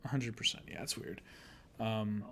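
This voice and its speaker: A man's voice: lowish voice, moderate pace, creaky, fairly bright tone. Laid-back young man on a podcast. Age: young adult. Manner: laid-back, laughs often, trails off with fillers. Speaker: podcast co-host. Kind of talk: casual chat.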